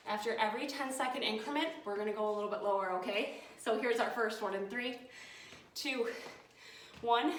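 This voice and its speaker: A fitness instructor with a fairly high-pitched voice coaches viewers through a home workout, counting each set down in an upbeat way. The camera recording her is set some way off in an echoey room, and some slight background noise comes through.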